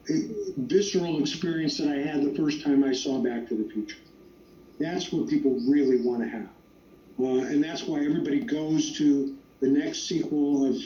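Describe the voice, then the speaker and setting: Fielding audience questions as a panel's guest writer, this screenwriter tells his stories emphatically. He speaks a little high, with a dark tone, and the lo-fi recording comes across echoey and distant.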